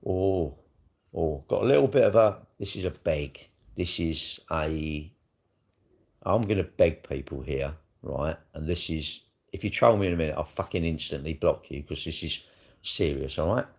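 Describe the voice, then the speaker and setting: Casual and unscripted, a middle-aged man from South East London rambles bluntly on a live stream, cursing as he goes. His very deep voice carries a gravelly edge, sounds a little mellow, and moves at normal speed.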